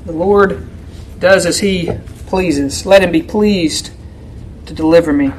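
A church elder speaks slowly through an expository sermon, emphatic and often turning to the congregation with "right?" His delivery swings between loud pleading and quiet, low asides. A little hiss or hum runs through the rough recording.

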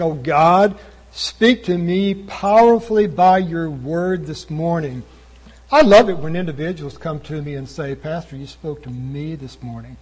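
A man delivering a sermon from the pulpit, his voice a little husky and pitched somewhat high. He preaches with passion, climbing to loud, emphatic peaks before easing back down. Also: low-quality recording. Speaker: pastor.

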